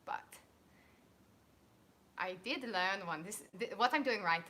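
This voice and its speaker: A woman's voice: lowish voice, slow, pauses often, pushed and bright, a little hiss or hum. A woman, an actress hosting a live stream, chatting casually and upbeat with many fillers. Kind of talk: casual chat.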